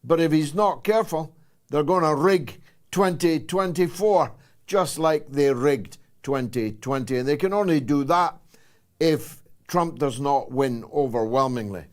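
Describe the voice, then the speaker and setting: A Scottish man in his sixties hosting a political talk show, delivering a sarcastic, emphatic monologue with dramatic pauses. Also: a little high. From Scotland. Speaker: host.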